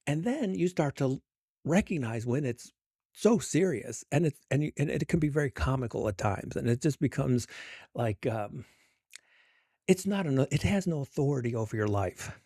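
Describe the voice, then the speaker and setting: Middle-aged male author guest, warm mellow tone, casual and self-amused, dry close sound. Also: mid-range voice, lively intonation, moderate pace, no room sound. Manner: chatty and self-amused, many fillers. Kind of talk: casual interview conversation.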